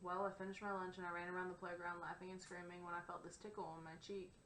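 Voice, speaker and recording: A woman's voice: fairly low pitch, flat delivery, fast, fairly bright tone. A woman narrating a first-person novel in a wry, conversational way. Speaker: audiobook narrator. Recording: roomy echo, faint background hiss.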